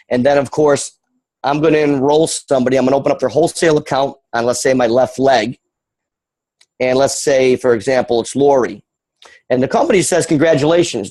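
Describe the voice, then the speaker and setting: Rambling, energetic man on a video call. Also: medium pitch, dry recording, rough recording. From Western New York. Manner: energetic, rambling, lots of fillers. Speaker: guest presenter. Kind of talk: sales presentation on a video call.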